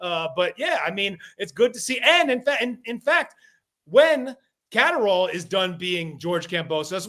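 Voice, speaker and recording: A man's voice: high-pitched, big pitch swings, unhurried, pushed and bright. A man co-hosting a boxing podcast over a call, joking and rambling through his opinions. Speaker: podcast co-host. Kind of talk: casual boxing podcast chat. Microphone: remote call.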